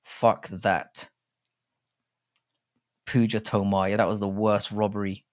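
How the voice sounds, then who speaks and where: Rambling, swearing streamer. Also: male voice, lowish voice, flat delivery, slow pace. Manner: rambling, swears freely, restarts often. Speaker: live stream host. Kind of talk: casual live chat.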